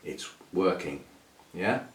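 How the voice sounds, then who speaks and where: A man's voice: sits low, expressive, takes it slowly, far from the mic. Rambling man in an echoey room. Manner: rambling and chatty, with fillers and soft laughs. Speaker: orchid channel host. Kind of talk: casual chat to camera. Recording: echoey room, voice a bit off-mic.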